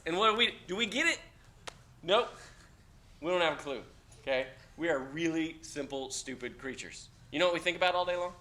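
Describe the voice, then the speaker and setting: A man lecturing a class of cadets, blunt and joking, with loud outbursts. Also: fairly high pitch, animated, fairly quick, a little hiss or hum. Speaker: instructor.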